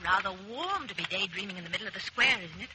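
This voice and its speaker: A woman's voice: medium pitch, lively intonation, fast, close to an everyday voice. An actress in a 1940s radio drama playing a scornful, worldly woman with a haughty, dismissive manner, on a hissy old recording. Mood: cool, scornful. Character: aloof, scornful young woman of an outback town. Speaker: local woman giving a lift.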